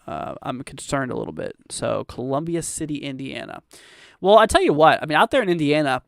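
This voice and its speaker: A man's voice: fairly high pitch, big pitch swings, fairly quick, creaky, fairly bright tone, no echo, clean studio sound. A young man hosting a casual live weather stream, rambling with lots of fillers and restarts while he reads viewer comments aloud. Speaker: weather livestream host.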